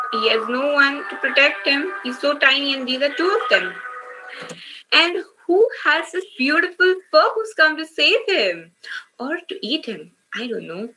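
A woman's voice: on the high side, low-quality recording. A woman teaching children in an online workshop, retelling a story and running quizzes, encouraging them and often checking in with "okay?".

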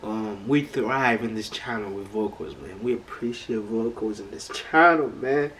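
Man, reaction-channel host, mid-pitched, loose slangy emphatic delivery that repeats itself, faint noise in the background. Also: moderate pace, hardly any pauses, a bit bright, poor audio. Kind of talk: casual reaction commentary.

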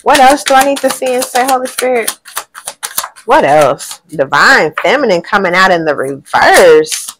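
Animated, slangy woman reading tarot cards. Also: mid-range voice, moderate pace, a little hiss or hum. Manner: animated and slangy, swears, laughs often; thinks aloud, often says she does not know. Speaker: tarot reader. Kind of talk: casual tarot reading to a general audience.

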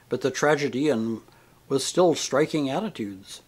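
A man reading a book aloud, measured and expressive. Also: mid-range voice. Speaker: reader. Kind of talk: audiobook reading.

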